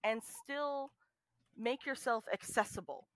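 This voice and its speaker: A woman's voice: on the high side, slow, dry recording. A woman guest on a podcast, chatting casually and emphatically with many filler words.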